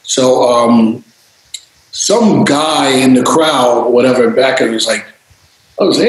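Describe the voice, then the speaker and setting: A man telling stories in a casual interview, animated and freely swearing, acting out voices. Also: mid-range voice, takes it slowly, heavy reverb, rough recording. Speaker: interview guest, DJ and producer.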